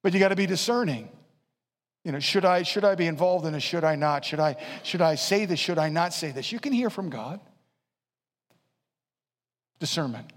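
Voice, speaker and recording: A man preaching in a large hall. His voice sits high, and the room gives it a long, ringing reverb. He swings from hushed, mumbled impressions of excuses up to loud, shouted exhortation. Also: normal speed, long pauses. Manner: animated, swings from quiet asides to shouting; acts out listeners' excuses in a low mumble. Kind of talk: sermon.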